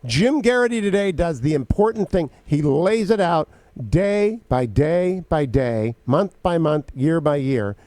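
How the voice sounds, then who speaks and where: A man hosting a political talk radio show, briskly laying out his opinions point by point into a studio mic. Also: fairly high pitch, lively intonation, a little mellow, no room sound.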